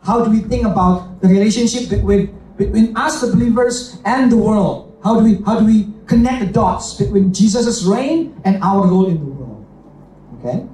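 A man's voice: sits high, expressive, moderate pace, warm tone, slight background noise. A man preaching a bilingual sermon, emphatic and repetitive, often checking in with the congregation. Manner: emphatic, repeats phrases, checks in with "okay?" and "right?". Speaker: pastor. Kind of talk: bilingual sermon with own interpreting. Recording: echoey hall, voice from a distance.

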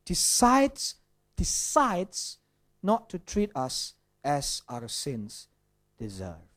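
Pastor preaching in English. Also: male voice, a little high, wildly swooping pitch, very slow, fairly bright tone. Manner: asks the audience questions, with some Indonesian asides. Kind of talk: sermon.

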